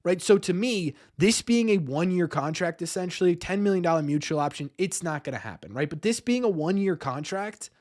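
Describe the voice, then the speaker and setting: A man's voice: high-pitched, animated, brisk, few pauses, darkish tone. A man hosting a live-streamed sports talk show, rambling, repeating words and ending many lines with "right?". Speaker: podcast host.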